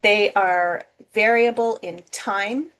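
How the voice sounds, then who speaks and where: A woman's voice: medium pitch, steady tone, slow, a bit bright, slight background noise. A woman teaching as a nursing instructor in a casual recorded lecture, often checking in with "okay?".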